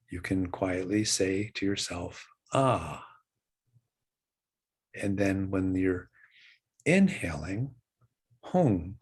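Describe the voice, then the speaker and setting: An older man in his sixties, a meditation teacher, guiding a breath meditation in a slow, calm and gentle way with long pauses. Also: deep voice, husky. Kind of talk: guided meditation.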